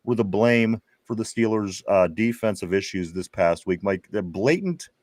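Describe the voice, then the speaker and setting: A man's voice: on the low side, expressive, normal speed, darkish tone, no echo, clean studio sound. A man hosting a casual sports talk show, reading viewer comments aloud in a chatty way with frequent restarts. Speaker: podcast host.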